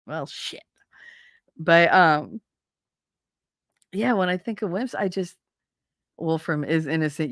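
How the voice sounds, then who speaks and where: A woman's voice: lowish voice, animated, takes it slowly, pauses often, dry recording. A woman with a New Jersey accent hosting a casual talk show, blunt, swearing freely and laughing often. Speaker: host. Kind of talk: casual chat.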